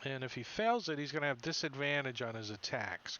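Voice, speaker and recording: A man's voice: mid-range voice, expressive, brisk, pushed and bright. A man narrating as dungeon master, in a loose, rambling way that slips into goofy creature voices. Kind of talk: narrating a tabletop game. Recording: dull lo-fi stream audio.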